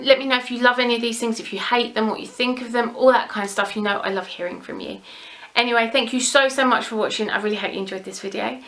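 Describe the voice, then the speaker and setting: A woman's voice: a little high, sharp tone. A young British woman talking casually to camera as a beauty vlogger, chatty and rambling with gushing enthusiasm.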